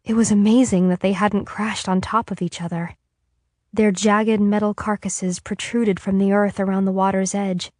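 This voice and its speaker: A woman narrating an audiobook in a calm, even reading. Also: medium pitch, dry recording, studio quality. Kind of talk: scripted narration.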